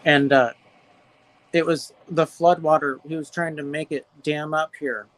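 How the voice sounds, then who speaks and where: A man from California casually telling stories about his neighbors, animated and mimicking them in high voices, talking outdoors into a phone. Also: measured pace. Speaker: livestream guest. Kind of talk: casual storytelling chat.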